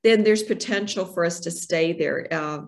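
A woman's voice: lowish voice, moderate pace, gravelly. A woman, a guest author talking in a casual interview and animatedly acting out the voices she quotes.

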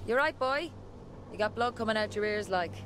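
A woman's voice: medium pitch, animated, fairly quick, noisy background, close to an everyday voice. A woman playing a tough, foul-mouthed survivor in a video game, with a broad, forced-sounding Irish accent full of slang. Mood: wry. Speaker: player character. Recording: game audio over music.

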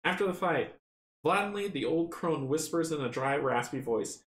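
A man casually running a board game playthrough, chatty and excitable, counting dice rolls aloud. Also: on the high side, normal speed. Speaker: tabletop game runner and player. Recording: roomy echo, faint noise.

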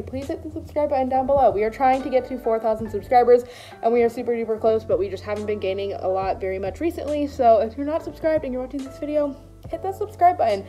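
A chatty woman vlogs from her bedroom, laughing often and cooing at her puppy between remarks to viewers. Her voice sits a little high, with faint music playing underneath. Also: mellow. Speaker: vlogger host. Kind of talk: casual vlog chat. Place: home bedroom, indoors.

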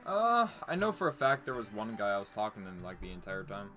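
A man chatting casually while playing a video game with friends, swearing and shouting when things go wrong. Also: lowish voice, big pitch swings, quick pace, music in the background. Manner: swears a lot, yells when frustrated. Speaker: gamer. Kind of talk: casual gaming chat.

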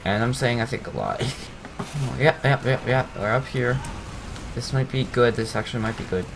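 A young man giving casual, rambling commentary over his own gameplay, teasing himself and breaking into excited outbursts. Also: mid-range voice, normal speed, gravelly, noisy background.

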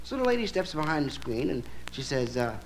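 Playful high-voiced male comic. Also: fairly quick. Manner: relaxed drawling, playful asides. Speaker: stand-up comedian. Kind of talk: stand-up comedy storytelling. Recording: hissy live album recording.

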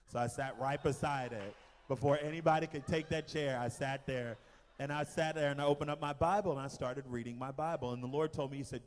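Male missionary speaker, animated testimony, average pitch, long hall reverb. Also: brisk. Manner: animated storytelling with fillers. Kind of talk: church testimony. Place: church hall.

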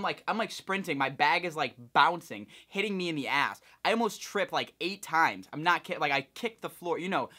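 A young man from Ohio, a vlogger telling a rambling, animated story with lots of swearing. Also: a little high. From Ohio, United States. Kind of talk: casual storytelling vlog.

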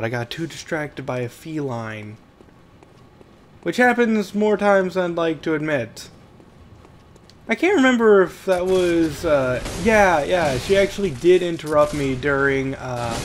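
A man giving rambling gameplay commentary at home, chatty and quick to yelp when the game gets tense. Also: fairly high pitch, expressive, slight background noise. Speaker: let's play host.

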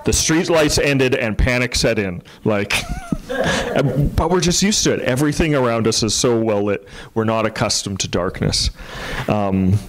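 A man's voice: lowish voice, low-quality recording. A man, a pastor telling a story in a sermon in a casual, rambling way with many fillers and restarts.

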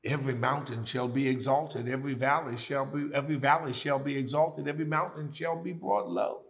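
A man preaching a Bible study, swinging from loud exclaims to hushed tones and calling out to his listeners. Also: medium pitch, fairly quick, few pauses. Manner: calls out to listeners, drawing out key words. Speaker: bishop and Bible study teacher.

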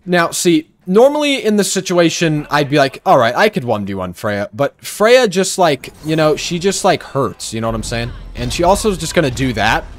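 A man's voice: on the high side, big pitch swings, moderate pace, few pauses. A young man giving casual, sarcastic gameplay commentary, joking and trash-talking his teammates. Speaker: gaming streamer.

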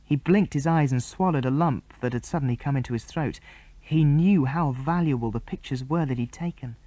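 Man reading a children's storybook, mellow tone, clear even telling, dry close sound. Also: mid-range voice, moderate pace, no room sound. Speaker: audiobook narrator. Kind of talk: storybook narration.

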